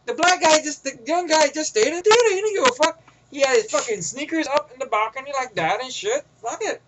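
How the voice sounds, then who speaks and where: A man's voice: extremely high pitch, very animated, quick pace, background noise. A man telling a long, rambling, profane story about a movie trip, acting out the voices, recorded on a camera mic. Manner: profane, loose, acts out every voice. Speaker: movie reviewer. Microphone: camera microphone.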